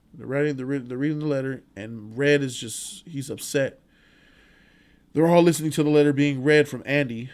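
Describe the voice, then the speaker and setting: A man's voice: mid-range voice, a little mellow. A man hosting a casual movie review vlog, rambling, profane and enthusiastic.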